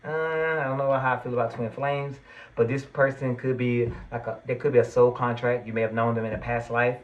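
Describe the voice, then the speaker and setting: A male tarot reader with a middle-pitched voice gives a reading directly to his viewers, speaking briskly, flatly, earnestly and reassuringly, turning emphatic when he feels strongly. The audio is slightly dull and lo-fi.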